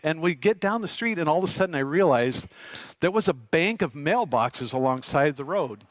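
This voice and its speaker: Animated middle-aged pastor telling a story. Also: male voice, high voice, moderate pace, dry recording. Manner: animated storyteller, asks the congregation questions. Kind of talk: sermon with personal story. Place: church sanctuary.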